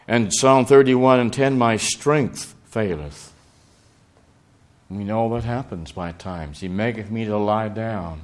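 A man preaching a sermon, earnest, quoting scripture and swinging between raised and hushed passages. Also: lowish voice, measured pace.

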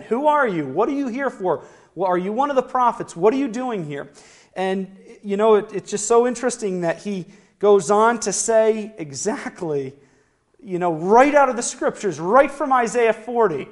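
Preacher, man, high voice; questions the congregation, booms out scripture slowly. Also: expressive. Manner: slow, declaring rise on scripture quotes; asks the listeners questions. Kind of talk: sermon.

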